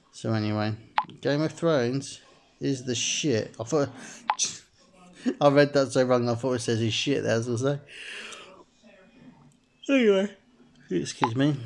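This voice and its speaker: Rambling gravelly-voiced man gaming. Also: mid-range voice, a little hiss or hum. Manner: rambling, heavy use of "sort of", laughs often. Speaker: gamer playing a chat story game. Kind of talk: let's-play commentary, reading in-game messages aloud.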